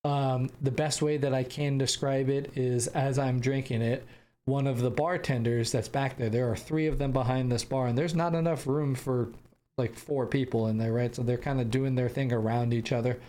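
A man's voice: medium pitch, steady tone, normal speed, warm tone. A young American man hosting a podcast, telling a travel story casually with rambling restarts and bursts of laughter. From United States. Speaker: podcast host.

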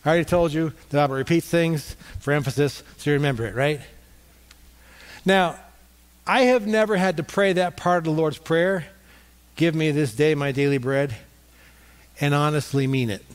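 A man's voice: a little high, normal speed, long pauses, clean tone. A middle-aged male pastor preaching a conversational sermon, getting the congregation to respond.

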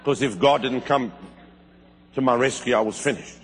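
A middle-aged man preaching a sermon, telling stories with fervor and sudden high, loud bursts. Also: moderate pace, a little hiss or hum. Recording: long hall reverb.

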